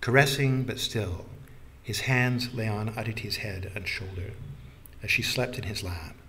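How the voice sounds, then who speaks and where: A man reading a novel aloud as an audiobook narrator, in an even, literary manner. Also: fairly low pitch, a little slow. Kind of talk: scripted narration.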